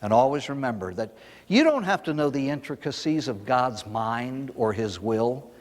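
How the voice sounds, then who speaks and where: A man's voice: medium pitch, moderate pace, long reverb tail. An older man, a priest, giving a recovery talk to an audience, telling stories and asking rhetorical questions. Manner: storytelling, animated, with rhetorical questions.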